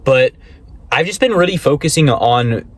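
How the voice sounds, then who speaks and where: A young vlogger rambles casually, swearing often and telling stories animatedly. His voice is medium-pitched at a normal speed.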